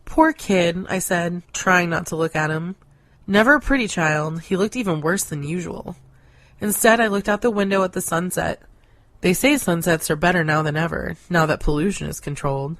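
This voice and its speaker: A woman narrating a short story in a deadpan, sardonic manner. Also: lowish voice, moderate pace. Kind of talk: scripted story reading.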